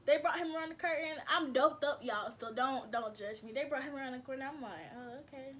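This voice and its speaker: A woman's voice: high voice, a little fast, a bit bright. A woman vlogger casually telling her viewers a personal story, chatty and slangy, calling them y'all.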